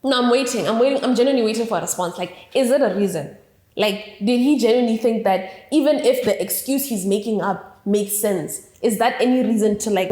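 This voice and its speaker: A young woman from southern Africa telling a casual storytime, animated, quoting people in a raised voice. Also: mid-range voice. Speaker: vlogger. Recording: echoey room.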